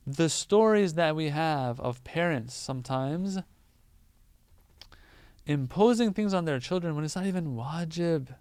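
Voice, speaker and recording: Male preacher, relaxed conversational sermon, crisp clear tone, dry close sound. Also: fairly high pitch, measured pace, no echo. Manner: conversational, animated teaching with everyday examples.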